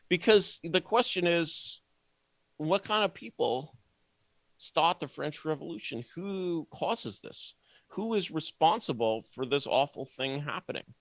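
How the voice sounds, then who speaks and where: A man talking as a podcast guest, rambling and sardonic, with many restarts and animated asides. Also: on the high side, a little slow, dry recording. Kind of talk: casual podcast conversation.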